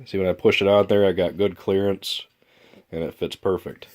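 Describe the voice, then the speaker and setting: A man with a nasal, congested voice, casually explaining his model airplane build in a rambling, relaxed way. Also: deep voice, moderate pace. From Michigan. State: stuffed-up nose. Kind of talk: casual build update vlog.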